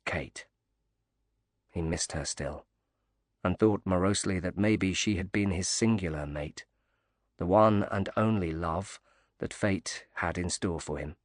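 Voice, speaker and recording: A man giving measured, subdued scripted narration of a thriller audiobook. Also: deep voice, dry recording, clean studio sound.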